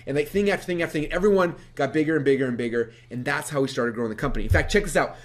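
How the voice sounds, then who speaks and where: A man presenting a webinar, telling his story to a live audience in a lively, animated way with many fillers. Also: fairly high pitch. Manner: energetic, animated, quick-talking with many fillers.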